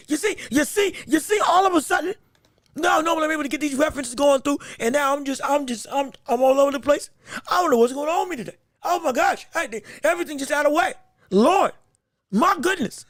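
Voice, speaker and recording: Male podcast host, solo talk, excitable and rambling, repeats himself, slightly hoarse strained voice, dry close sound. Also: very high-pitched, no room sound.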